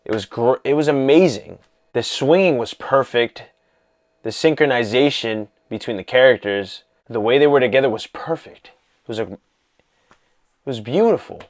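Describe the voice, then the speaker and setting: A man casually talking through a film he loved, excited and rambling, full of "you know" and "like". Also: mid-range voice, normal speed. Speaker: vlogger reviewing a film. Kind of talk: casual movie talk.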